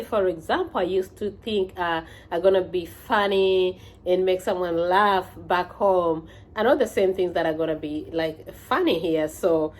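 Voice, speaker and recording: A woman from Kenya with a Kenyan accent, giving casual advice in a vlog, talking conversationally with many fillers and restarts. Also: medium pitch.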